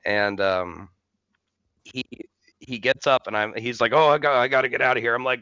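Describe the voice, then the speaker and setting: A man's voice: medium pitch, steady tone, moderate pace, long pauses, pushed and bright, clean tone, no echo, highs cut off. A man co-hosting a podcast, telling rambling, profane stories in casual chat and laughing as he goes. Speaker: podcast co-host. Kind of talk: casual storytelling.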